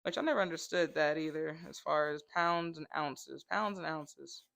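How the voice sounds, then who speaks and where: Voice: medium pitch, steady tone, moderate pace, creaky, fairly bright tone. A comedic vlogger in a rambling monologue who jumps between tangents and acts out the voices of people in the stories.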